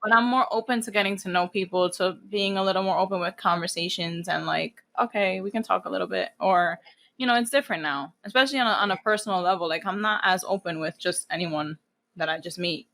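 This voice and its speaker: A woman's voice: on the low side, quick pace, a bit bright. A woman in her thirties from New Jersey, a guest in an interview, talking bluntly with lots of swearing and acting out things she once said. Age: 30s. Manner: blunt, swears freely, acts out her own past lines. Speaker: guest, event planner. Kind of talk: candid casual interview.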